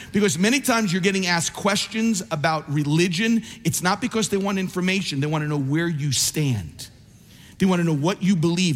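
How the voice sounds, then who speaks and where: A man preaching a sermon as pastor, animated, acting out the voices of people he quotes. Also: sits high. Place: church sanctuary. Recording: church hall reverb.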